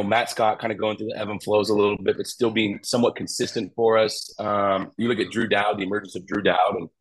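A middle-aged college pitching coach talks casually in an interview, rambling with lots of fillers and restarts. The recording quality is low.

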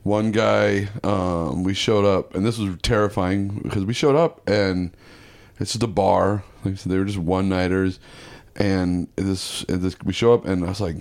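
A comedian guest with a deep voice tells stories at a moderate pace in a casual chat. He's animated, acting out the quotes as he goes.

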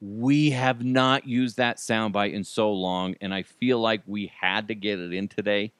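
A man's voice: on the low side, a little slow, smooth, dry recording. Joking podcast host, a man. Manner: animated, jokey, mock outrage with silly put-on voices. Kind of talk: comedic podcast commentary.

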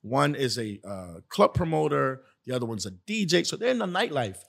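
A man's voice: medium pitch, sing-song, brisk, creaky, a bit bright. A man appearing as a comedian guest on a casual podcast, talking in a laid-back, slangy way and deflecting questions with laughs. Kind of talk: casual interview chat. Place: indoor studio couch.

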